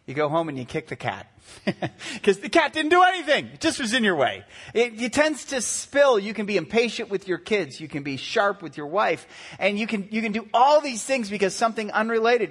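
A man in his forties, a pastor preaching a sermon, animated and acting out quotes in shifting voices. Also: high-pitched. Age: 40s.

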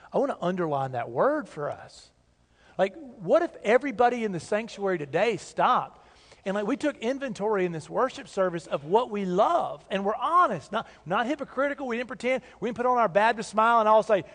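In a church sanctuary with a long reverb tail, a pastor preaches earnestly and conversationally, leaning on emphatic repetition. His voice is high for a man, a bit bright, with lively intonation and a slightly fast pace.

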